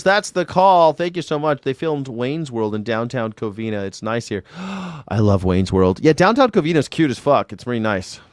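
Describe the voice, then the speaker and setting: The clip features an independent news and culture commentator, a man with a lowish voice, casually chatting on a livestream while reading comments from viewers. He's rambling, sarcastic and profane throughout, captured in a dry recording.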